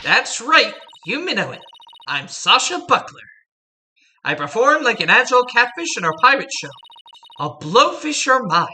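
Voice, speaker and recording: A woman's voice: on the high side, sing-song, unhurried, pushed and bright, slight background noise, voice pushed up, heavily acted. A woman voicing a cheerful young female aquarium performer who makes fish puns and begs for help. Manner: pleading, pun-loving.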